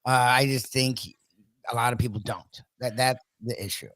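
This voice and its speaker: A man co-hosts a casual sports talk show, easygoing and agreeable, often laughing along and keeping his replies short. His voice is mid-pitched and sounds close and dry in the studio. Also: fairly even intonation, moderate pace, fairly bright tone, no room sound. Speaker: co-host.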